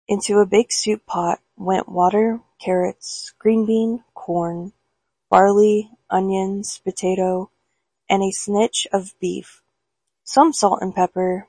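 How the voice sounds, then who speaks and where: Brief: woman storyteller, gravelly and breathy, close and dry. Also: medium pitch, steady tone, slow pace, dark tone, no room sound, poor audio. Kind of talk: storybook reading aloud.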